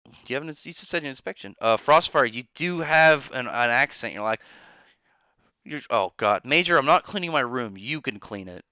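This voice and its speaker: A man hosting a casual live stream from his barracks room, rambling through chat with quick asides and restarts. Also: medium pitch, lively intonation, sharp tone, clear, resonant tone, no echo. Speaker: streamer host reading chat. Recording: dull lo-fi sound.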